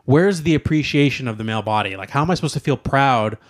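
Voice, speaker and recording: A man's voice: medium pitch, lively intonation, fast. A young man co-hosting a casual podcast, rambling and hedging with lots of fillers. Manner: rambling, hedges with many "like"s. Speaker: podcast co-host.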